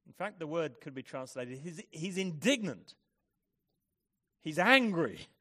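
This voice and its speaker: A man preaching a sermon, moving between hushed, measured reflection and loud, forceful emphasis. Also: on the high side, lively intonation.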